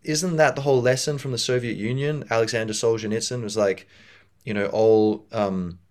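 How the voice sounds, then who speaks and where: A man's voice: mid-range voice, fairly even intonation, normal speed, darkish tone. A man hosting a podcast, talking casually on his own in a rambling way with many fillers and restarts. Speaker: podcast host. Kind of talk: casual solo monologue.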